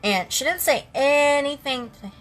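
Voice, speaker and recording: Woman in her late 30s, higher voice with a bright edge, earnest livestream storyteller, faint music behind. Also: animated, measured pace. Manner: earnest, heartfelt, talks straight to viewers. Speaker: makeup live streamer. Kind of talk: casual personal storytelling on a livestream.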